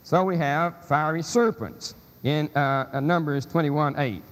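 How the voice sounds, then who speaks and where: A man delivers a scholarly lecture at an unhurried, halting pace, with frequent fillers and restarts. His voice sits somewhat higher than usual for a man. The recording carries a long, lingering hall reverb. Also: steady tone.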